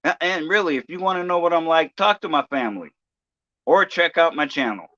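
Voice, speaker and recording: A man talking on his own livestream, ranting in a halting, profane way with many restarts. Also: fairly high pitch, animated, pushed and bright, no echo, dull audio. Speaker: live streamer. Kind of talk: casual livestream rant.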